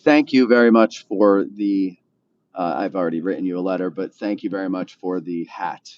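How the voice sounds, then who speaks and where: A man with a low, slightly mellow voice hosts a live stream from a car, easygoing and meandering as he speaks straight to his viewers and replies to their comments. He still sounds like he just woke up, talking at a moderate pace on a muffled recording.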